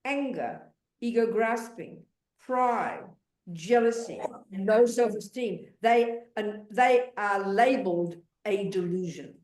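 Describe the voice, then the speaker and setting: A woman's voice: medium pitch, slow pace, a little mellow. An older woman teaching Buddhist ideas in a blunt, emphatic way, cutting in on her student with questions. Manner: blunt, interrupting, emphatic, talks over the questioner. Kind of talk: dharma teaching, question and answer. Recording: roomy echo.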